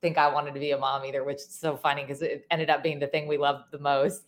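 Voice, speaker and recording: A woman's voice: deep voice, little pitch movement, quick pace. A woman co-hosting a casual podcast who talks with emphasis and acts out her past self in her stories. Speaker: podcast co-host. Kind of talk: casual chat.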